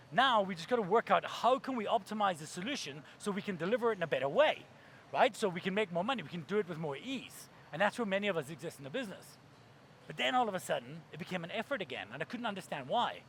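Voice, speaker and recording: Male keynote speaker, high-pitched and animated, acts out bits, faint noise under the mic. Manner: animated, acts out voices and laughs while telling stories. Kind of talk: storytelling keynote talk.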